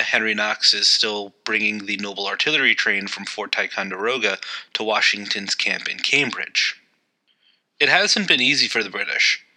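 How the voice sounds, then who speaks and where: A man's voice: on the low side, sharp tone, poor audio. A man hosting a history podcast, narrating events in a loose, conversational way with occasional fillers. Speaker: podcast host.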